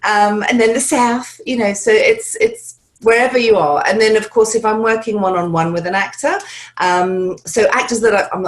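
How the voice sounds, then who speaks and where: A woman with a fairly low voice talks through her work as an accent and dialect coach. She rambles in a chatty way and leans on fillers as she explains. It sounds like a video call from her home. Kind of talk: conversational interview answers.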